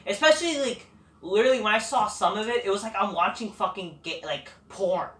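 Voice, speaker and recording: A woman's voice: mid-range voice, a little fast, fairly bright tone, distant mic. A woman giving a blunt, profane, rambling recap of a wrestling show. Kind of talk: casual ranting recap. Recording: echoey room, away from the mic.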